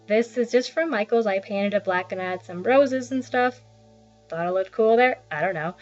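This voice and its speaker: Chatty young woman on an apartment tour. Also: a little high. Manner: chatty, self-deprecating, rambling asides. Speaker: vlogger giving a home tour. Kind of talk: casual narration of an apartment tour. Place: small basement apartment. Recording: slightly dull lo-fi sound with faint background music.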